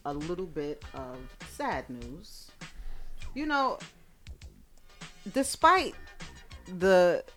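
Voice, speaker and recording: A woman with a lower pitch and a bright, very animated voice co-hosts a podcast. She talks in playful, slangy chat, and faint music hums underneath. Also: very slow, long pauses. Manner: playful teasing, slangy, laughs often. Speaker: podcast co-host. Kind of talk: casual chat.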